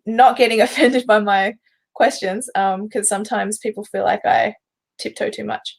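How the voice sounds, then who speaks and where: A woman hosting an interview, chatty and quick to laugh. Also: mid-range voice, fairly even intonation, vocal fry. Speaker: host. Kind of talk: casual interview chat.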